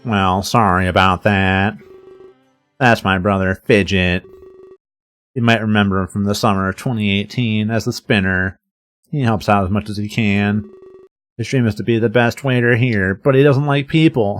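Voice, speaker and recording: A man's voice: fairly low pitch, a bit bright, close to an everyday voice. A man voicing a cheery, boastful male rabbit who runs a bar, in his fifties, chatty and gossipy in a raised put-on voice. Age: 50s. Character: cheery loud rabbit bar owner, middle-aged male.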